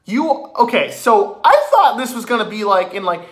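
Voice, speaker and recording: A man excitedly retelling a haunted attraction visit in a casual, swearing review with many restarts. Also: high-pitched, normal speed, heavy background noise.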